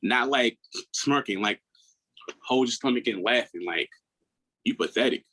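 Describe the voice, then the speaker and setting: A man in his thirties, a podcast guest, telling his own story in a candid, earnest way, often restarting his words and acting out what others said in a higher voice. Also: unhurried, bright, forceful tone, low-quality recording. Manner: acts out quoted people in a raised voice.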